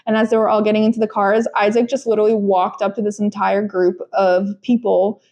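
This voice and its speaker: A woman's voice: mid-range voice, level tone, a little fast, a little mellow. A young woman co-hosting a podcast, talking casually with lots of fillers and restarts. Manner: chatty, frequent fillers and restarts. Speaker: podcast co-host. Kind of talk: casual chat.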